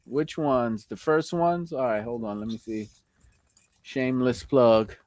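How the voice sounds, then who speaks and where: A man with a New York accent hosting a casual live stream, giving shout-outs to viewers and laughing often. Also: medium pitch, unhurried, dry recording. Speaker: host.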